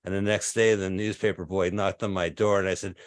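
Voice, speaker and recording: A man in his fifties performing a stand-up set over a video call, delivering absurd one-liners in a deadpan way. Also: sits low, a little fast, no echo, clean studio sound. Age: 50s. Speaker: stand-up comedian.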